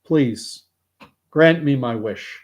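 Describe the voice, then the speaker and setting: A man's voice: mid-range voice, very slow. A man doing a weary old man's plea. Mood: pleading. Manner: earnest, pleading storyteller's voice. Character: weary 74-year-old man begging a genie.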